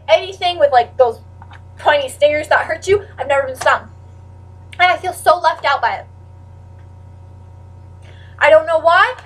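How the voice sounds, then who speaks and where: A teenage girl chatting casually to camera in a rambling way, full of "like" and with sudden loud outbursts. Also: high-pitched, far from the mic, low-quality recording. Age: teens. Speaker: vlogger.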